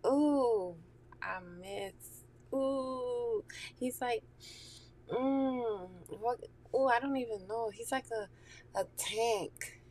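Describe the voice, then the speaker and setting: A woman's voice: on the high side, extremely slow, a little mellow, slight background noise. A woman talking candidly and profanely in a casual chat, laughing often and dropping into whispery asides.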